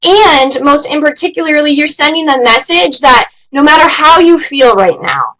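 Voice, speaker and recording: A woman gives an educational webinar talk in a high, bright voice. She speaks earnestly and with emphasis, leaning on repeated words to drive points home. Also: expressive, normal speed, hardly any pauses, low-quality recording. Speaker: webinar presenter.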